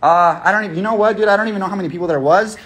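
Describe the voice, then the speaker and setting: A young man talks to his followers over a phone livestream, rambling and swearing through slangy pep talk. His voice sits a little high for a man. The delivery stays loose and unscripted. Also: rapid-fire, fairly bright tone, a little hiss or hum. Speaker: livestream host running a raffle. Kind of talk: casual livestream chat.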